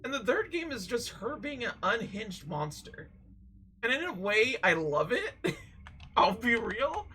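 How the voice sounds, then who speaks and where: A woman's voice: a little high, very animated, unhurried, sharp tone, a little hiss or hum, low-quality recording. A woman streaming a game, talking in rambling, chatty commentary and laughing often. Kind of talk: casual let's-play commentary.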